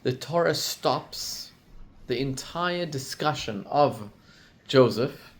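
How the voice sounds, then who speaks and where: In a storytelling sermon, a male rabbi acts out the quotes, his pitch and volume rising lively. He speaks slowly.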